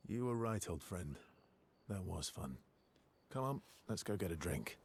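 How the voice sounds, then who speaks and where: Game casting: very deep, gravelly warrior friend, slow and deliberate, dryly gracious in victory. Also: male voice, expressive, slight background noise, full character voice. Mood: measured. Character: gruff male comrade, proud and competitive.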